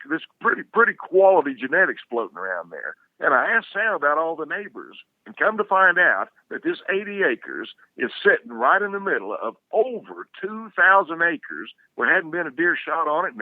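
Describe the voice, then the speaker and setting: An older man with a fairly high voice, a guest who hunts on outdoor TV, tells a rambling, folksy story full of restarts. The recording is dry and tinny, like a phone.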